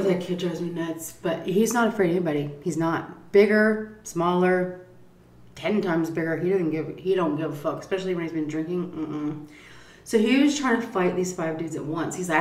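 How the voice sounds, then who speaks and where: A woman vlogger telling a profane, animated story while eating at a table. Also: fairly low pitch, moderate pace, reverberant. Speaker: mukbang vlogger.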